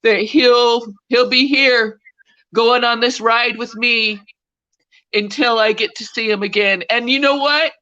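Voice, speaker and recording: Slow-talking woman on dull call audio. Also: on the high side, fairly even intonation, pushed and bright. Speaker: guest on a video call. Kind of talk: casual livestream chat.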